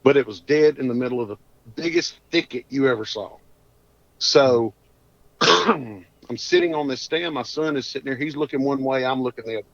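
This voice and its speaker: A man's voice: medium pitch, normal speed, gravelly, long pauses, a bit bright, dry recording. A man, a podcast guest telling a hunting story in a folksy, rambling drawl. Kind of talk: casual storytelling. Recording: dull dry lo-fi audio.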